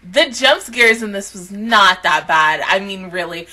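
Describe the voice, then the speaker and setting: A young woman giving a casual anime reaction review, chatty, laughing often and squealing high when excited. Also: a little slow.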